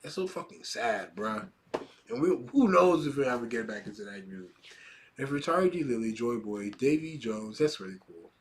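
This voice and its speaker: Male reaction host, excitable and profane, reading manga panels aloud in a hushed voice. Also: mid-range voice, moderate pace, slight background noise. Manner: excitable, swears a lot, laughs often. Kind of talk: casual reaction commentary.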